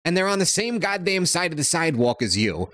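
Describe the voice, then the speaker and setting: A man's voice: a little high, big pitch swings, brisk, fairly bright tone. A man hosting a casual stream chat, blunt and swearing as he asks questions. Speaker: streamer host.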